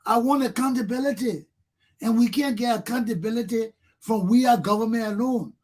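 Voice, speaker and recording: A man's voice: very high voice, a little fast, a little mellow. A middle-aged Liberian man with a Liberian accent, hosting a talk show and delivering an impassioned monologue full of repeated rhetorical questions. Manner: fervent, repetitive rhetorical questions.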